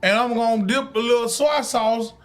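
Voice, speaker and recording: A man co-hosting a podcast, telling jokes and stories in loud, profane casual chat. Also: extremely high pitch, fairly even intonation, moderate pace. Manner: loud, joking, profane storytelling. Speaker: podcast co-host.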